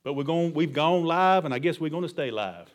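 A man's voice: fairly high pitch, animated, a little fast. Middle-aged guy preaching, folksy and fired up, tosses in amens all the time. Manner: emphatic preaching with calls of amen and hallelujah. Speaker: pastor. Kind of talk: sermon.

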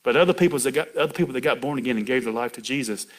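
A man's voice: mid-range voice, very fast. A middle-aged man preaching a folksy sermon, chatty and laughing, calling out to people in the pews by name.

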